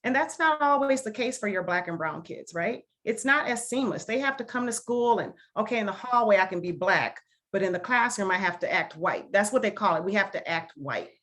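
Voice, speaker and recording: A woman's voice: mid-range voice, expressive, fairly quick, fairly bright tone. A woman from Milwaukee speaking on a video call as a guest speaker, earnest and emphatic, leaning on repeated phrases. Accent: Milwaukee, Wisconsin. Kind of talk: casual talk to a video call discussion.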